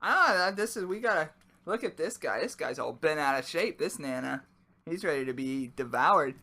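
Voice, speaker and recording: A man's voice: a little high, expressive, normal speed, sharp tone. A man co-hosting a casual podcast, joking around and talking with his mouth full. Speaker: podcast co-host. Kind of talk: casual chat while eating.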